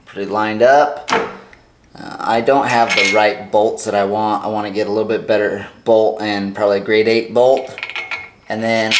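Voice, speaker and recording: A man's voice: fairly low pitch, noisy background. A man in a home garage, chatting casually and thinking aloud as he works on a project. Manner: relaxed, chatty, thinking aloud while working. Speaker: DIY vlogger.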